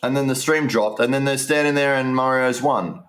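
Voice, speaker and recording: A man's voice: medium pitch, fairly even intonation, normal speed, a bit bright. A man giving casual, rambling live stream commentary, restarting sentences and talking straight to his viewers.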